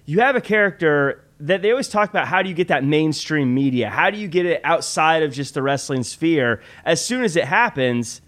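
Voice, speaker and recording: Analytical podcast man, slightly high. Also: animated, fairly bright tone. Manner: measured, analytical, self-deprecating. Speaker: podcast co-host. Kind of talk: casual podcast chat.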